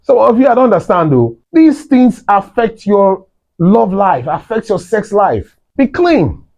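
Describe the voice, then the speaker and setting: Animated scolding man. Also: a little slow. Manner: animated, scolding, jumps to high exclamations. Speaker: relationship talk host. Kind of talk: preachy advice talk. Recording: dull lo-fi sound.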